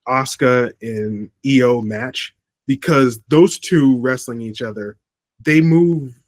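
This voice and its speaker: Slow-paced and mid-range, this male podcast co-host rambles through a casual wrestling review. Ums and restarts come often, and the recording has no room sound.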